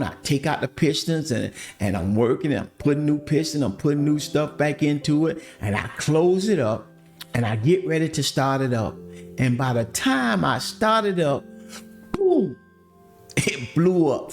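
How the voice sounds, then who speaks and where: A man telling his life story in a podcast, speaking animatedly and calling his listeners family. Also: fairly high pitch. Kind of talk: casual testimony storytelling.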